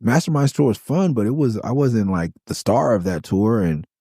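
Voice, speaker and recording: A man's voice: on the low side, normal speed, slightly rough, no echo, studio quality. A man hosting a podcast, telling tour stories casually with lots of swearing and acted-out quotes. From Los Angeles. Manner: animated, swearing, acts out quotes with raised voice. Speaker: podcast host. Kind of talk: casual storytelling.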